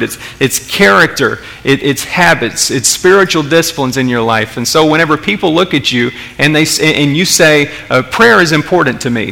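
A man's voice: fairly high pitch, vocal fry, sharp tone. A man preaching a sermon as pastor, conversational, with rhetorical questions and frequent restarts. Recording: long reverb of a large hall.

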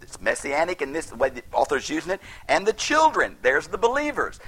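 A man's voice: on the high side, wildly swooping pitch, a little fast, a bit bright, breathy edge, rough recording. Folksy, fiery preacher man. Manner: folksy, emphatic, flares into heated outbursts. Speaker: Bible teacher. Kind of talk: sermon-style Bible lecture.

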